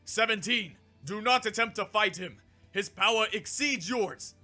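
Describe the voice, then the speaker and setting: A man's voice: mid-range voice, moderate pace, bright, forceful tone, soft background music, close to an everyday voice. A man voicing a big, literal-minded male combat android in a fan audiobook, speaking in clipped, mechanical phrases. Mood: urgent.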